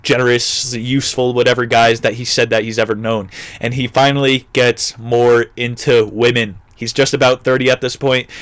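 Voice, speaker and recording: Man, casual book recap, jokey, mid-pitched voice, dry room. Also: a bit bright, dry recording. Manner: jokey, laughs at his own jokes, swears casually. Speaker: book review vlogger.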